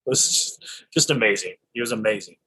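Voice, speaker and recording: A middle-aged man from Idaho, an actor telling stories in an interview, enthusiastic and animated with frequent restarts. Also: on the low side, fairly quick, husky, poor audio. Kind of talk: casual storytelling in an interview.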